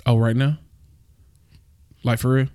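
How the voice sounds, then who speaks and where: A man's voice: medium pitch, measured pace, clear, resonant tone. A young man, chatting casually as a podcast co-host and acting out his wife's lines as he tells stories. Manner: animated storytelling, acts out his wife's lines. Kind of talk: casual chat.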